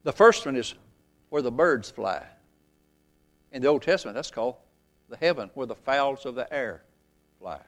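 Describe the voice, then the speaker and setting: A man preaching a sermon, reading scripture aloud, rising loud and slow for emphasis, then falling very low and soft. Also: expressive. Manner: reads scripture in old-fashioned phrasing.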